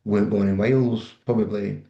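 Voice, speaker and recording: A man, a rugby player relaxed and self-deprecating as he tells stories in an interview, with many ums and restarts. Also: fairly low pitch, brisk, creaky. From Manchester, England. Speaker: rugby league player guest. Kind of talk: casual interview storytelling. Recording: echoey, dull room sound.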